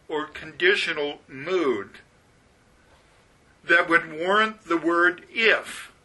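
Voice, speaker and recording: A man's voice: fairly high pitch, slow pace, long pauses, sharp tone, low-quality recording. A man teaching a Bible passage verse by verse, methodically explaining the Greek words and stressing the key ones.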